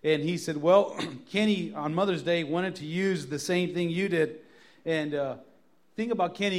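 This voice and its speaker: Joking, emphatic preacher with a fairly high voice. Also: male voice. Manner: joking storyteller who builds to emphatic repeated lines. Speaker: pastor. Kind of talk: sermon. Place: church sanctuary.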